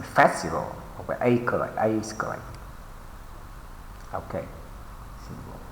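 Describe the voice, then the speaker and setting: A man teaching an English pronunciation lesson with a Vietnamese accent, reading words slowly and deliberately with drawn-out repetitions and frequent fillers. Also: mid-range voice, darkish tone, a little hiss or hum. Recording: echoey room with long reverb.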